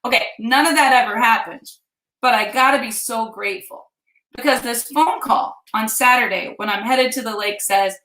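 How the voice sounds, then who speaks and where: A woman's voice: a little high, moderate pace, a bit bright. A woman in her fifties from Kansas, chatting animatedly as she tells her viewers a personal story. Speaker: vlog host. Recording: roomy echo.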